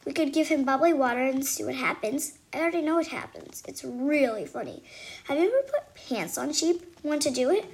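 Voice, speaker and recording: A woman's voice: high-pitched, sing-song, a little fast. A woman reading a storybook aloud, voicing a bossy little girl with a scratchy voice who fires off questions. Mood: pushy.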